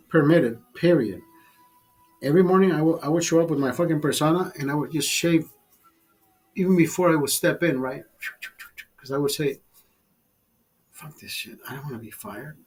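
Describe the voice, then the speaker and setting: On a rough recording, a middle-aged vlogger with a fairly high, breathy voice tells stories casually while drinking. He rambles, repeats himself and swears a lot.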